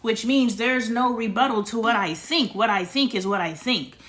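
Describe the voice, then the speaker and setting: A woman's voice: a little high, normal speed, a bit bright. A young woman hosting a casual family livestream, talking bluntly in a lecturing tone and swearing freely. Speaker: livestream host.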